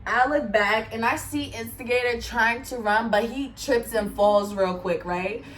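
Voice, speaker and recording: A woman telling a casual storytime, animated, swearing and laughing often. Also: fairly high pitch, measured pace, recorded from a distance, a little hiss or hum. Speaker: storyteller vlogger.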